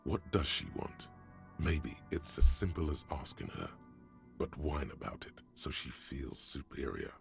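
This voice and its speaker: Gravelly deep game narrator. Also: male voice, very animated, measured pace, faint music behind, heavily acted. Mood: sardonic. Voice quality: gravelly, grim.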